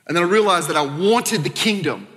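A man from Arkansas preaching a sermon as a pastor, talking conversationally with quick asides and sudden quiet drops. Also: high voice, expressive. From Arkansas, American South. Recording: long reverb of a church hall.

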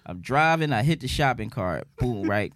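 A man's voice: mid-range voice, animated, moderate pace, a bit bright, no room sound. A man co-hosting a podcast, telling loose, profane, laughing stories in casual chat. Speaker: podcast co-host.

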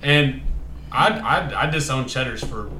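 A man's voice: medium pitch, expressive, measured pace, bright, forceful tone. A man co-hosting a casual podcast, rambling through a story with many fillers and restarts. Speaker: podcast co-host. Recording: echoey room with faint noise.

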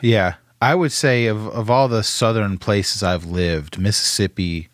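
Man, low voice, dry call audio, casual agreeable chat. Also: unhurried, no room sound. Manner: agreeable, short backchannel replies. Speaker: podcast co-host.

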